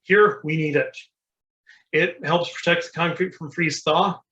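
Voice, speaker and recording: Co-host, male, brighter tone, a bit higher than most men, casual practical engineering chat. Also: steady tone, measured pace, dull audio. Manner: plain, practical, with fillers. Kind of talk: casual technical discussion.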